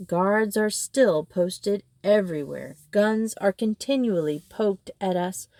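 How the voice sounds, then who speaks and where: A woman voicing a gentle, eager male mole who talks quickly. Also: medium pitch, no echo.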